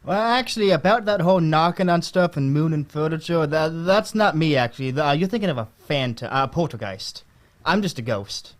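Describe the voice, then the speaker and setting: A man's voice: on the high side, lively intonation, brisk, lightly acted. A man playing a bored, sarcastic teenage boy ghost. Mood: exasperated. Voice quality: hesitant, full of ums and restarts. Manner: sarcastic and exasperated. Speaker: interview guest in a comedy sketch. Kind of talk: comedic improvised interview.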